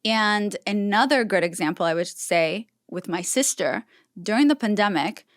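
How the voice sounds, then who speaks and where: A woman's voice: medium pitch, expressive, moderate pace, no room sound, studio quality. A young adult woman, a podcast guest, telling personal stories in casual chat and acting out the dialogue. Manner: storytelling, acting out quoted dialogue.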